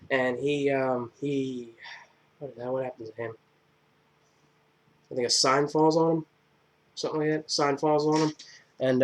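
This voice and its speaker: A man recapping a film in an offhand vlog review. He rambles with plenty of ums and uhs, and his humor is crude and irreverent. His pitch sits in a middle range. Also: a bit bright. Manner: rambling, filler-heavy, joking retelling. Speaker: movie review vlogger. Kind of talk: casual spoken movie review.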